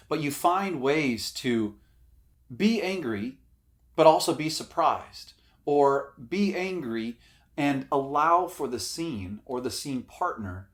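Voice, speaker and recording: A middle-aged man, an acting coach, giving casual spoken advice with emphasis, swearing now and then. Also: medium pitch.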